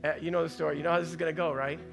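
A high-voiced older man preaches in a loose, folksy way, joking with the room and acting out the voices in his own head. His tone is bright and forceful, with soft music under him. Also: little pitch movement, very fast, vocal fry. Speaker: pastor. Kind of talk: conversational sermon.

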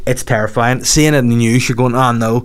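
A man's voice: medium pitch, steady tone, fairly quick. A man hosting a comedy show, riffing in a casual monologue and swearing freely. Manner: swears freely, breaks into voices.

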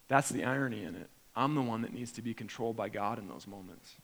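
A man preaching a sermon, animated, acting out imagined prayers with sudden rises in pitch and volume. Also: quick pace, creaky. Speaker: pastor. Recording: long hall reverb.

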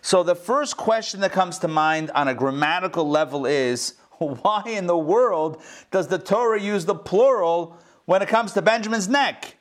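A man's voice: high-pitched, animated, normal speed. A middle-aged man, a rabbi, teaching a Torah class over a video call in a casual, jokey way, asking his audience questions. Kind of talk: casual online class lecture. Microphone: computer mic on a video call.

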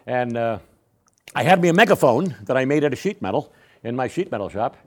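A man's voice: medium pitch, fairly quick. A man, telling a folksy personal testimony to a Sunday school class. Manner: folksy, animated storyteller with frequent restarts. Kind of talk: storytelling testimony in a church class.

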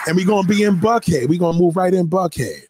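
A man voicing a brash, profane woman from New nearing sixty, who rants at the viewer in a loud, boastful, rambling comic monologue. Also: high-pitched, animated, quick pace, music in the background.

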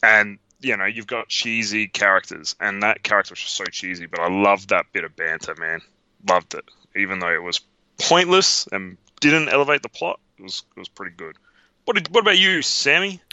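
A man co-hosting a podcast in casual, animated chat, acting out bits of movie dialogue. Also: fairly low pitch, moderate pace, dull audio. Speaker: podcast co-host.

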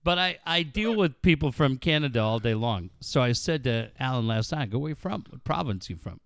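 A man's voice: mid-range voice, very animated, a little fast, vocal fry, fairly bright tone, no room sound. A middle-aged man co-hosting a radio show, telling stories in casual banter, swearing freely and laughing as he goes. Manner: storytelling, swearing a lot, laughing.

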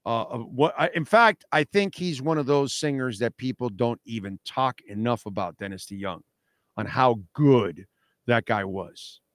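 Man, radio show host, casual opinionated talk, emphatic repeats, middle pitch, dry studio sound. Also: measured pace, no room sound. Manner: emphatic, repeats "no, no, no", reacts to chat.

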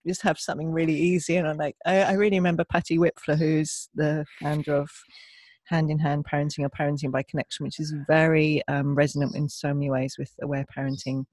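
A woman co-hosting a parenting podcast, speaking gently and tenderly and laughing often. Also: deep voice, flat delivery, fast, dry recording. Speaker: podcast co-host. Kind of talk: reflective parenting podcast chat.

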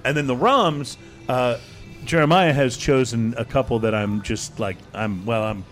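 A man hosting a casual chat show, talking in a relaxed, halting way with many fillers and restarts. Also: medium pitch. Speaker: podcast host.

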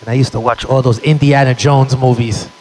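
A man's voice: medium pitch, steady tone, a little fast, a little mellow, rough recording. A young man doing a stand-up comedy set, telling punchy, profane stories to a live audience. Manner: brash, profane, punchy storytelling. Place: live show venue with audience.

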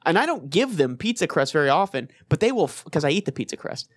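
A podcast co-host telling casual stories with a very lively, bouncing pitch and plenty of profanity. The voice sits in a middle register, recorded dry and close. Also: fast, husky, dry recording. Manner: animated storyteller, profane, laughs often. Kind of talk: casual chat.

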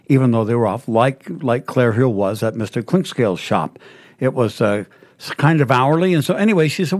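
A male radio producer reads a case story aloud over a dry, close studio mic. His pitch sits in the middle, and he tells it in a plain storytelling way with the odd stumble. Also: a little mellow, no room sound. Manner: storytelling read with small stumbles. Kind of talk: reading a case story on air.

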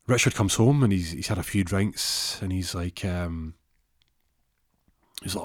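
A man's voice: sits low, unhurried, long pauses, dry recording, clean studio sound. A man telling a comic story in a rambling way, full of restarts and fillers.

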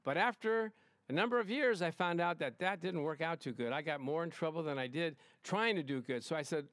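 A male pastor preaching a lively sermon to his congregation, emphatic and excitable, often calling out "Amen?". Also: fairly high pitch, fairly quick, no echo, studio quality. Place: church service in front of a congregation.

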